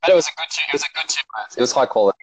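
This young Australian podcast guest talks fast and animatedly in a slightly rough, somewhat high voice, joking casually and often restarting his sentences. The dry recording has a dull, lo-fi quality.

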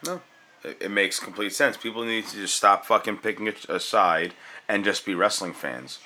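Low-voiced laid-back wrestling fan. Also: male voice, moderate pace, bright, forceful tone. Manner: laid-back, agreeable, swears casually. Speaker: podcast co-host. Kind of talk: casual wrestling watch-along chat.

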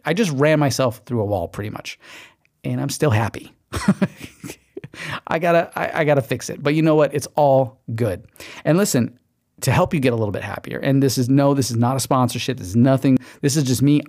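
A man's voice: mid-range voice, a little mellow. A man hosting a podcast, giving an emphatic motivational pep talk and acting out quoted inner voices. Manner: emphatic, pep-talk delivery with repeated okays. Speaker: podcast host. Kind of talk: motivational monologue.

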